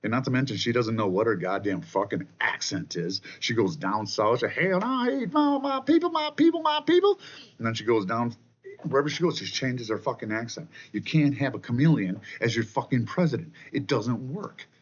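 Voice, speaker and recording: A man ranting angrily and profanely about politics, loud and contemptuous. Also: medium pitch, fairly quick, husky, muffled recording. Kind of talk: angry political rant.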